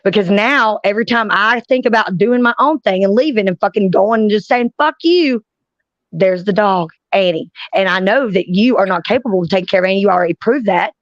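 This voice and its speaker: A woman's voice: medium pitch, fairly quick, hardly any pauses, dry recording. A woman, chatting casually with friends as a streamer, blunt and profane as she tells stories. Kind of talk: casual chat. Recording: dry, dull lo-fi sound.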